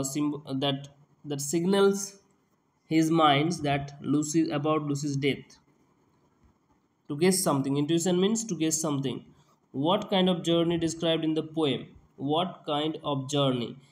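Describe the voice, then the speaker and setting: Male exam-prep tutor, slightly high pitch, slow and repetitive delivery with restarts. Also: a little hiss or hum. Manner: slow, repeats each question and answer, frequent restarts. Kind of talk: reading out and explaining quiz questions.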